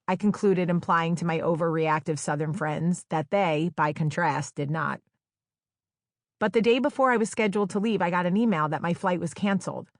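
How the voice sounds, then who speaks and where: A woman from New Jersey reads her own memoir in a wry, conversational storytelling style, slipping into playful quoted dialogue. Her voice sits somewhat low for a woman. The recording is close and dry, with no room sound. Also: a little fast, dry recording. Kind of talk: audiobook memoir narration. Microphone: close studio microphone.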